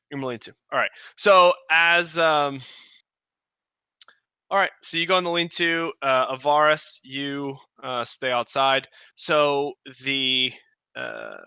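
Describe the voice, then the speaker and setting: A man's voice: medium pitch, sharp tone, clear, resonant tone, no room sound. A man running a tabletop game as game master, narrating loosely with many fillers. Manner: loose and rambling, many ums and uhs.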